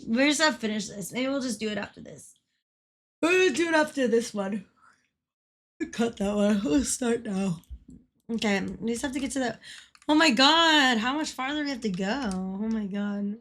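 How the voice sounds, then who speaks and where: A woman's voice: fairly high pitch, normal speed, a bit bright. Giggly swearing woman livestreamer. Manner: giggly, swears freely, teasing. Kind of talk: casual gaming stream chat.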